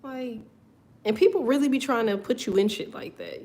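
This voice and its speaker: A woman's voice: a little high, moderate pace, mellow. Laughing, profane tarot reader woman. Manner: loose, profane, laughs often, goes off on tangents. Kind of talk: casual tarot reading chat.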